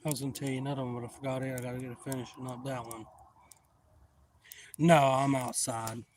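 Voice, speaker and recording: A man hosting a livestream outdoors, telling a story to his chat in a loose, profane, animated way. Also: mid-range voice, a little fast, a little hiss or hum. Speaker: livestream host. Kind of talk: casual storytelling to live chat.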